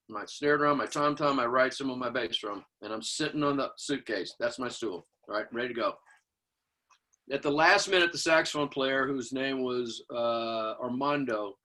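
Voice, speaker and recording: An older man from Houston, a drummer and guest, telling stories in an interview, acting out quotes and scatting drum beats. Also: mid-range voice. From Houston, Texas. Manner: animated storyteller acting out quotes and scat-singing drum beats. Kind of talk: storytelling interview.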